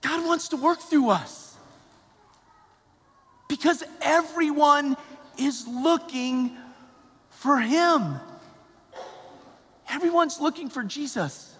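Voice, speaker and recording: A man's voice: very high-pitched, expressive, slow pace, long pauses. A male parish priest preaching a homily in a conversational, repetitive way that rises to emphatic calls. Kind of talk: sermon. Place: church. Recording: long church reverb.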